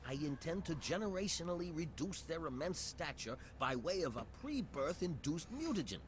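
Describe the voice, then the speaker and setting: A man's voice: fairly high pitch, very animated, normal speed, a little hiss or hum. An actor playing a fussy, self-important male mad scientist in a video game, with a stereotypically nerdy voice and a pompous, long-winded manner. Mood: prim, fussy.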